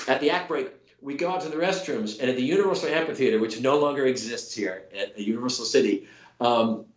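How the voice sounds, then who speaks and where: Animated man telling a story, roomy echo. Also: mid-range voice. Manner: animated, many restarts and quoted voices. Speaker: actor guest. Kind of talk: casual storytelling.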